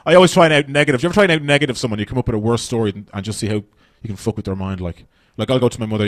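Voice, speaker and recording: A man with a Dublin Irish accent, rattling through a stand-up set at speed. His delivery is blunt and full of swearing, and his mid-pitched voice sounds close and dry on a handheld mic. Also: no room sound. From Dublin, Ireland. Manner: profane, blunt, rapid-fire. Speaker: stand-up comedian. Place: comedy stage.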